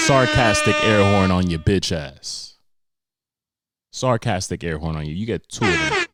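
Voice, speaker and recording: A young man, hosting a podcast and telling comic stories in a profane, animated way with sarcastic asides. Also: deep voice, unhurried, loud music behind the voice. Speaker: podcast host. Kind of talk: comedic monologue.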